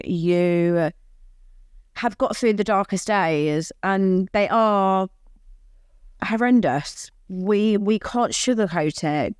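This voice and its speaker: A woman's voice: lowish voice, a little mellow, smooth, dry recording, clean studio sound. A woman co-hosting a podcast, earnestly reassuring listeners in casual chat. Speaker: podcast co-host. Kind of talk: casual chat giving advice.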